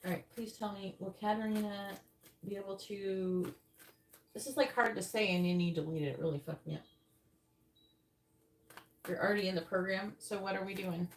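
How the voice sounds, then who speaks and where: A woman's voice: medium pitch, fairly even intonation, moderate pace, pauses often, slight background noise, low-quality recording. A woman doing a live-stream tarot reading, talking bluntly and swearing often as she explains how to word questions. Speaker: psychic tarot reader.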